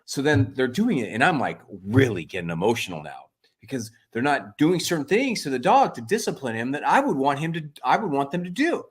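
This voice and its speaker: A man's voice: medium pitch, brisk, slightly rough. A man in his forties, a family coach, telling rambling stories in a casual interview and leaning on "like" a lot. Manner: rambling, animated, heavy use of "like" and "freaking". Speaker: family coach, podcast guest.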